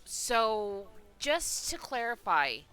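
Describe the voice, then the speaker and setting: A woman's voice: a little high, very animated, very slow, sharp tone, clean tone, faint music behind. A woman playing in a tabletop game, asking careful questions. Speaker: player. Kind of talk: tabletop game role-play.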